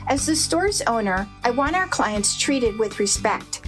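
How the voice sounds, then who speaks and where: A woman's voice: a little high, big pitch swings, unhurried. A woman, a car dealership owner, reading a scripted radio commercial. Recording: ad with music bed.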